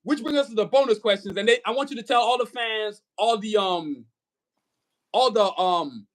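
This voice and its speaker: High-voiced hyped male podcast host. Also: normal speed. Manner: hyped, streetwise banter. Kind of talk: casual interview chat.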